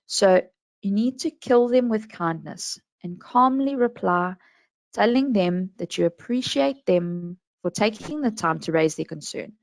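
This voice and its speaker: A woman with a South African accent giving calm, measured advice on handling complaints in a business webinar. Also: mid-range voice, gravelly, no room sound. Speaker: national complaints administrator.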